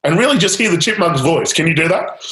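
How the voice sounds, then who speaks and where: A man's voice: fairly high pitch, sing-song, quick pace, fairly bright tone, roomy sound, rough recording. A man leading a live coaching demonstration, guiding a client with repeated prompts and light laughter. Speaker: change-technique coach.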